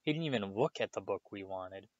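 A man's voice: fairly low pitch, expressive, fairly quick, dry recording, highs cut off, close to an everyday voice. Give me a man playing a wary, doubtful schoolboy wizard from a storybook. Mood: worried.

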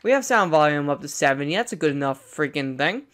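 A young man hosting a let's play, talking through a horror game and repeating words excitedly when scared. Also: on the high side, quick pace. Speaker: gaming channel host.

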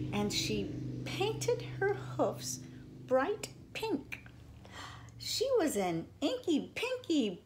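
Slow, lively-voiced older woman storyteller. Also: lowish voice, slight background noise. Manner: playful sing-song reading with sudden soft whispers. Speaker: children's storyteller. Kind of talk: reading a picture book aloud to children.

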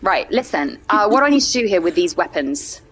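A woman's voice: on the low side, very animated, fairly quick, crowd noise, low-quality recording. A woman in her thirties with an English accent, chatting playfully while streaming a video game. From England. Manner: playful, trying out silly accents. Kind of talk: casual game stream chat.

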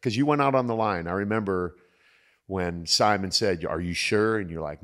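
Lowish-voiced man telling lively stories. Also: moderate pace. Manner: animated storyteller acting out quotes. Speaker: podcast host. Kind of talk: casual storytelling chat.

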